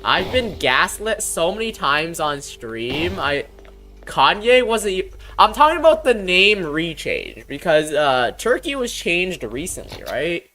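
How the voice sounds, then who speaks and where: A man's voice: a little high, huge pitch swings, a little slow, bright, forceful tone, soft background music. Rambling non-native-English streamer man. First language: not English. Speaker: game streamer. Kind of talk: casual gameplay commentary.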